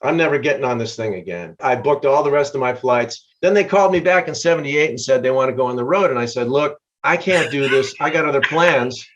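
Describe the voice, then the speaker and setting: Older man telling a lively road story. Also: medium pitch, a little fast, few pauses. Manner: lively storyteller, laughs mid-sentence. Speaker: guest musician. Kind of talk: casual storytelling interview. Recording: dull lo-fi sound.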